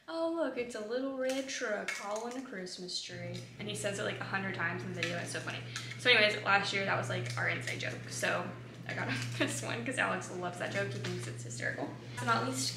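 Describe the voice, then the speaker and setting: A young woman vlogger showing off holiday shopping in a casual, gushing chat, full of "like" and "so freaking cute.". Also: medium pitch. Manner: chatty, gushing, lots of "like". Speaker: lifestyle vlogger. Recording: echoey room with noticeable noise.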